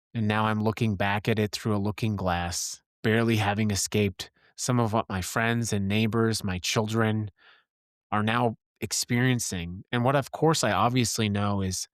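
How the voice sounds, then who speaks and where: A man's voice: lowish voice, no room sound, studio quality. A middle-aged man from Wyoming hosting a late-night show, telling personal stories in an earnest, impassioned monologue. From Wyoming, USA. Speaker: podcast host.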